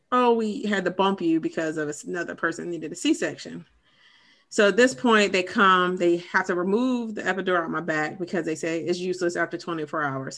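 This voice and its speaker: A woman in her thirties tells a personal story on a podcast. Her voice is bright and forward, and she talks in a loose, candid way with plenty of fillers. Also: on the low side. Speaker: podcast co-host. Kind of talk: casual chat, personal story.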